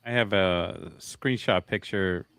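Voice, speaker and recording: A man hosting a casual interview, asking eager, quick questions. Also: low-pitched, creaky, fairly bright tone, clean tone, no echo. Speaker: interview host.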